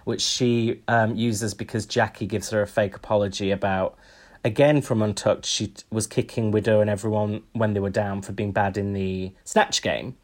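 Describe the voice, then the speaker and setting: A man's voice: lowish voice, fairly even intonation, moderate pace. Guy cohosting a podcast, wry and chatty, lots of ums. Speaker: podcast co-host. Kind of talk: casual chat.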